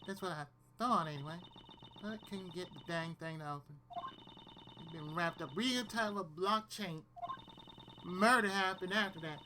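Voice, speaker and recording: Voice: medium pitch, moderate pace, background noise. A streamer with loose, rambling gameplay commentary who reads the game's dialogue aloud. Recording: game music playing behind.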